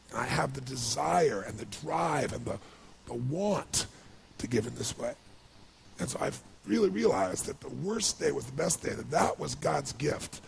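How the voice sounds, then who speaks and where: A man's voice: vocal fry, a little hiss or hum. A middle-aged American man, a motivational speaker, telling a personal story to an audience with impassioned, swelling delivery. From United States. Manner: impassioned, swelling and climbing in pitch when excited. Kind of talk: emotional storytelling speech to an audience.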